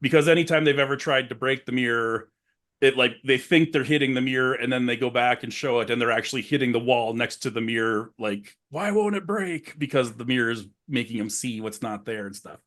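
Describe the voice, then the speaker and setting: A man's voice: mid-range voice, a little fast, fairly bright tone. Rambling man chatting about a film. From rural area. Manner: rambling, retells scenes with many "like" fillers. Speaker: podcast co-host. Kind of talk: casual film chat.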